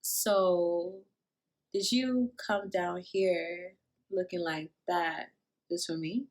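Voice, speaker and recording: Give me a woman playing a smooth-talking young man, low, soft and slow. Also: lively intonation.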